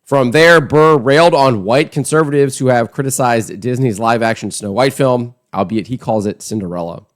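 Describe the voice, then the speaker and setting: A man's voice: medium pitch, normal speed, few pauses. A man hosting an online political commentary show, talking in a scornful, emphatic, conversational way.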